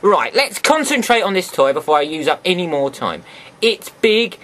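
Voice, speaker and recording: A man's voice: high-pitched, big pitch swings, moderate pace, fairly bright tone. A man chatting casually as he reviews a toy for his viewers, full of sarcastic asides.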